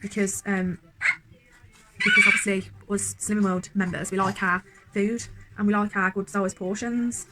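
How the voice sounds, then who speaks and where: A woman's voice: mid-range voice, flat delivery, moderate pace, heavy background noise. A young woman vlogging at home, chatting in a rambling, self-deprecating way while reviewing a meal. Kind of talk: casual food review chat.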